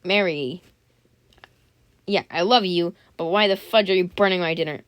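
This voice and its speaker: A woman's voice: lowish voice, normal speed, clear, resonant tone, dry recording. A woman reading a scary story aloud for her channel, often stopping to joke, comment and apologize before going on. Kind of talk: casual read-aloud with chatty asides.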